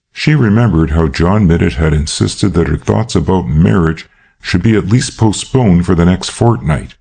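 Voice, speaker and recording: A male narrator reading a classic crime novel with a measured, unhurried delivery. His voice is very deep and dark, with a husky texture. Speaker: audiobook narrator. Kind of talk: scripted narration.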